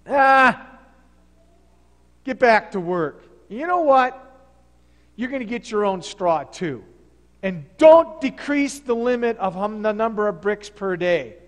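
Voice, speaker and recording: Man putting on mean pharaoh barking orders, gruff and loud, echoey church. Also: high-pitched, expressive, slow, pauses often. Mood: scornful.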